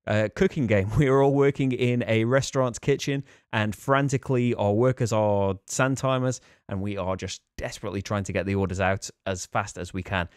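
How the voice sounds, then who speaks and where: A man's voice: fairly low pitch, fairly even intonation, moderate pace, hardly any pauses, smooth, no room sound, clean studio sound. A man hosting a board game channel, talking through a casual rambling preview with enthusiasm, fillers and small laughs.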